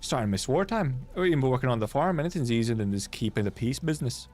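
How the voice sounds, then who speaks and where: A man's voice: mid-range voice, fast talker, close to an everyday voice. Man voicing a laid-back woman soldier, weary, grumbling, plain mid voice, faint music. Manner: relaxed, grumbling.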